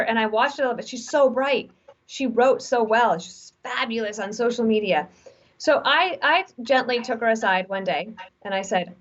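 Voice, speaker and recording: A woman in her forties, speaking as an interview guest who gives frank, animated advice through stories. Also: a little high, normal speed. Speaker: guest author. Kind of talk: conversational interview. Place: remote video call. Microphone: video call mic. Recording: dull lo-fi video call audio.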